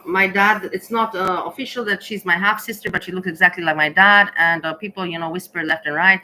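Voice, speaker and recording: A tired woman chatting casually in a vlog, rambling and halting with many restarts and fillers. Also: lowish voice, bright, forceful tone, slight background noise, low-quality recording. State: tired, slow thinking. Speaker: vlogger.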